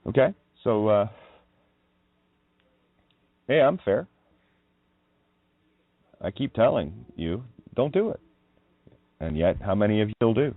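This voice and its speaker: A low-voiced man talks in a rambling, emphatic monologue, his pitch swinging up and down as he goes. The sound is thin and phone-like, close and dry. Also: animated, slow, pauses often, no echo. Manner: wandering, emphatic, swears when riled. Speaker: radio show host. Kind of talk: rambling monologue on word meanings. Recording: tinny phone-like line.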